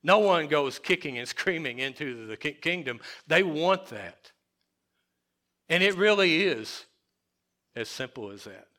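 Male preacher, church service sermon, fairly high voice, unhurried, emphatic repetition. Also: lively intonation. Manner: emphatic, repetitive preaching with swings from loud to hushed. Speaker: pastor.

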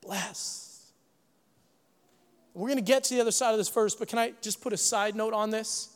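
High-voiced preacher in a reverberant hall. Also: male voice, fast, clear, resonant tone. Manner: animated preaching, swinging from hushed to shouting; jokey asides to the congregation. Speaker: pastor. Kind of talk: sermon.

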